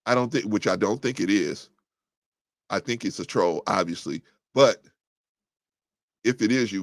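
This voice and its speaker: Blunt low-voiced male talk show host. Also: dry recording. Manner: blunt and combative, rising sharply when heated; restarts and fillers, thinking aloud. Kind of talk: live call-in talk show, reading chat comments.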